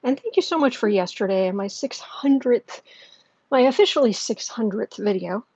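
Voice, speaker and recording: Woman, tarot livestream host, casual rambling chat, soft gentle delivery, breathy, dry muffled lo-fi recording. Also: fairly high pitch, expressive, normal speed, no room sound. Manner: chatty, rambling, with many fillers and restarts; speaking softly and gently, often dropping to a near whisper. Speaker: tarot reader and channel host.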